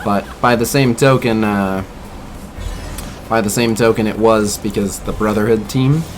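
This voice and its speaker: Over faint music, a gaming streamer with a lowish, steady voice plays a mobile game at a measured pace. He chats casually, mildly critiques what's on screen and responds to his viewers' messages.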